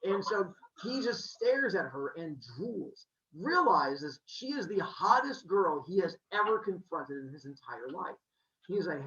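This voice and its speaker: A man's voice: high-pitched, a little slow, dull audio. A man telling a myth as a comic story in a casual, jokey way. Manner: casual, jokey, animated retelling.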